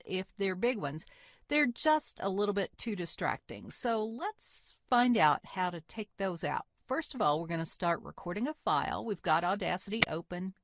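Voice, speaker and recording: A woman teaching a software tutorial, explaining each step in a friendly, plain way into a desktop microphone. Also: fairly low pitch, no room sound, clean studio sound. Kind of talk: screen-recorded software tutorial.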